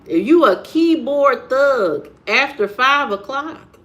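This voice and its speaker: A woman's voice: sits high, lively intonation, slow pace, a bit bright. A woman vlogger giving a blunt, preachy monologue and firing off rhetorical questions. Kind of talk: preachy straight-to-camera monologue.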